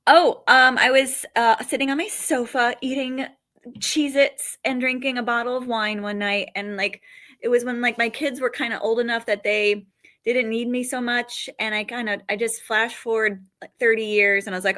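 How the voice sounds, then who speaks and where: Woman, 40s, from Western New York; bright, lively comic guest, jokey and talkative. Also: on the high side. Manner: chatty, animated, quick to joke. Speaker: comedian guest. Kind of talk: casual interview chat.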